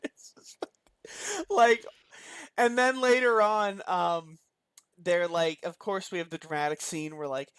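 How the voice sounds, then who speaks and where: Exasperated, high-voiced man, dry sound. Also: a little slow, pauses often, fairly bright tone, clean tone, no echo. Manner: exasperated, profane, emphatic ranting. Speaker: podcast co-host. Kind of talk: casual movie-review chat.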